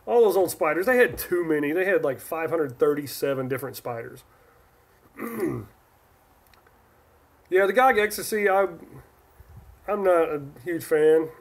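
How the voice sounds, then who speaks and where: Reading viewers' questions aloud, a livestream host from Northern California answers them one by one in a loose, chatty stream. He has a somewhat high-pitched male voice and a rambling style, often trailing off and starting his sentences over.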